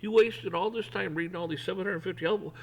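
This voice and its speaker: Man playing a lecturing self-help speaker, high, incredulous, scolding. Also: fast talker, vocal fry, low-quality recording. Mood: exasperated.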